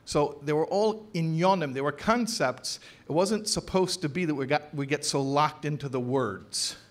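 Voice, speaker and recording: A man speaking as a rabbi at an educators' convention, lecturing with emphasis, repeating phrases for stress and slowing down on key words. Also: a little high. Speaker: rabbi giving a talk to educators. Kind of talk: conference lecture. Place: convention hall.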